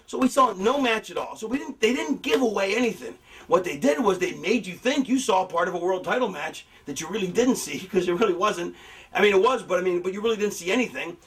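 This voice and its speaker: A middle-aged man rambling casually with lots of swearing, acting out excited fan reactions as he explains wrestling booking. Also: recorded from a distance. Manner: animated, acts out fan reactions in a higher voice. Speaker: former wrestler talking about booking. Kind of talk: casual rambling storytelling with profanity.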